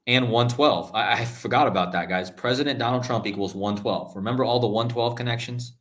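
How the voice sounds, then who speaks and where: Medium in pitch and fairly bright, this male voice belongs to a numerology video host giving a live-stream screen-share monologue. He addresses viewers insistently, often repeating himself with "okay?" and "guys," and his sentences come in halting restarts.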